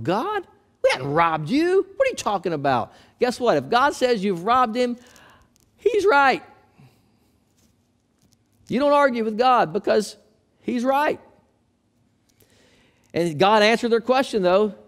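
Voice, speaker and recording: A man preaching a sermon as pastor, building emphasis as he quotes and explains scripture. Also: high voice.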